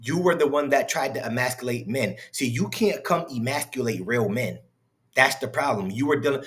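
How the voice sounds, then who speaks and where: A man's voice: medium pitch, fairly bright tone. Guy ranting over a clip, mocking, swearing, disbelieving. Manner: mocking, incredulous, heated and profane. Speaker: commentary host reacting to clips. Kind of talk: profane reaction commentary.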